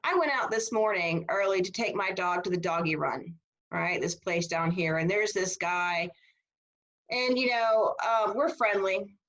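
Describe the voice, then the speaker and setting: Woman lecturing on a video call, casual and animated, keeps asking "right?". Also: mid-range voice, unhurried, lo-fi sound. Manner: animated, conversational, asks rhetorical "right?". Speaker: history instructor.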